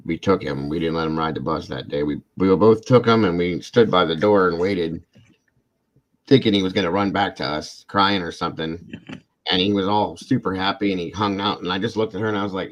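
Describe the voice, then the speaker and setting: A man's voice: low-pitched, fairly even intonation, a little fast, highs cut off. A man in his forties hosting a casual livestream chat, telling rambling, self-deprecating stories about his family. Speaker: channel host.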